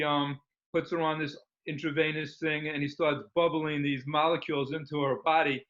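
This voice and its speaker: Male guest, slightly high voice, rambling and keen, muffled lo-fi sound. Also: fairly bright tone. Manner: rambling and enthusiastic, many fillers. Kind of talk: casual interview talk. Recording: dull lo-fi recording.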